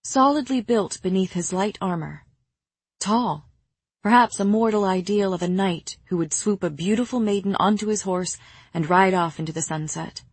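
A woman narrating an audiobook in a measured, even storytelling manner. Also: mid-range voice, husky, dry recording.

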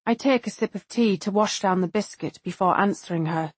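A woman narrating a first-person audiobook in a measured, introspective way, lightly voicing the other characters. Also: medium pitch, slightly rough, no echo.

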